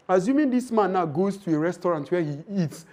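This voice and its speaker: A man with a high-pitched voice lectures on relationships in a training session. He speaks emphatically and preachily, and he acts out the lines of husbands and wives as he goes. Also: expressive, brisk, darkish tone. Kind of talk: training talk to women.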